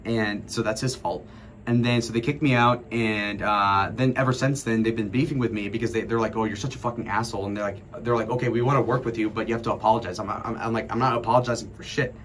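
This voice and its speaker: Guy in his 20s, deepish voice, rambling profane storytime on stream. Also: quick pace, slight background noise. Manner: rambling, profane, animated retelling. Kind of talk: casual livestream storytelling.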